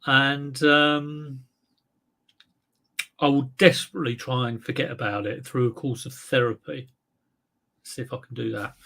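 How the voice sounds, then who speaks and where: A man with a mid-range, slightly bright voice hosts a casual eBay reseller livestream. He chats with viewers and thinks out loud, filling gaps often and tossing in self-mocking asides.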